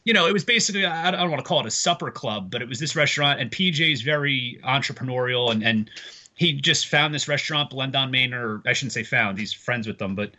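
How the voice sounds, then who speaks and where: Guy with a really bright forceful voice, rambling story mode, swears a bit. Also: mid-range voice, expressive, fast talker. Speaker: comedian guest. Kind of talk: casual podcast chat.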